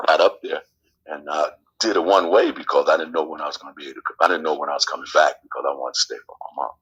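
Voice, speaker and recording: A man with a deep, husky voice and bright, forceful edges tells a family grievance. He talks in swinging, animated bursts and acts out what others said to him. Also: racing, low-quality recording. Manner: animated storytelling, acting out quoted family. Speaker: guest. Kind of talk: candid personal story.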